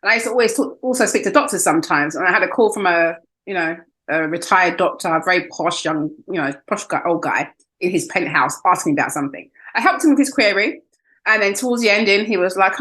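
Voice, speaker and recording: A woman's voice: on the low side, quick pace, a bit bright. A woman with a British accent hosting a podcast in a casual interview chat, laughing easily and mimicking the people in her stories. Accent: British English. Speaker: podcast host.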